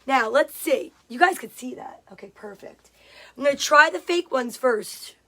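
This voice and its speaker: A woman's voice: sits high, animated, normal speed, bright, forceful tone. A woman chatting casually on a livestream, greeting viewers by name and reading out their comments. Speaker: livestream host.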